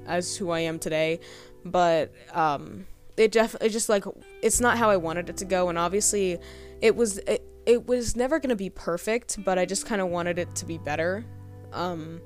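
Low-voiced young woman, rambling and hesitant. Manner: rambling, full of fillers and trailing pauses. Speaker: podcast host. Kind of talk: casual personal storytelling.

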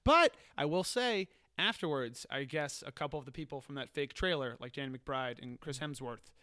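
A man's voice: mid-range voice, pushed and bright, dry recording, clean studio sound. A man co-hosting a podcast, joking and laughing often in casual chat. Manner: quick, laughing, playful. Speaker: podcast co-host.

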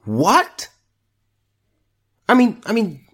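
A man's voice: fairly high pitch, sing-song, measured pace, long pauses. A man hosting a solo opinion podcast, ranting in exasperation and restarting his sentences. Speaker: podcast host.

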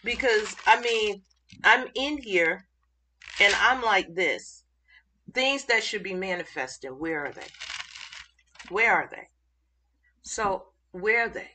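A woman teaches scripture in an informal, excited way, often pausing and restarting as she looks for the next verse. She speaks slowly and deliberately. Her voice is bright and forward. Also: mid-range voice, a little hiss or hum. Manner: excited, halting, searching for verses mid-thought. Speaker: Bible teacher.

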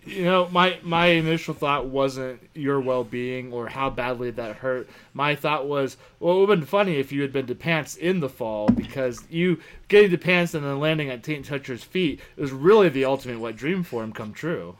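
A man of average pitch co-hosting a podcast. He chats casually and teases the others with crude humor. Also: expressive, normal speed, few pauses, clear, resonant tone. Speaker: podcast co-host. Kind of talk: casual chat.

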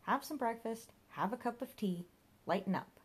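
A woman's voice: a little high, expressive, normal speed, breathy edge, pitched above the performer's own voice. A woman doing a flippant, teasing male sidekick. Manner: wry, teasing.

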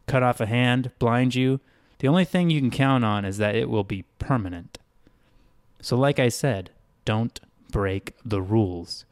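A man's voice: medium pitch, smooth, no room sound, clean studio sound, close to an everyday voice. A man doing a jittery, fearful old-timer prisoner. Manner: hushed, warning, colloquial. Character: jittery male long-time prisoner, fearful and blunt.

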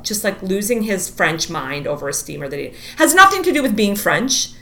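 Bright, animated woman telling a story. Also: mid-range voice, a little fast. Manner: animated, acts out quotes, says "like" a lot. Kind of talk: casual storytelling chat.

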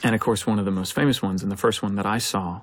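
A man's voice: fairly low pitch, steady tone, quick pace, a little hiss or hum. A man, a film director, giving an earnest, reflective audio commentary, thinking aloud as he talks.

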